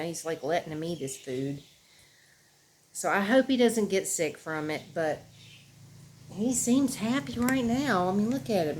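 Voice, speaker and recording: A woman's voice: medium pitch, a little mellow, slight background noise. A woman, talking casually and emotionally to her viewers at home, rambling in a tender way. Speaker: vlogger. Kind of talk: casual chat to camera. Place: at home indoors.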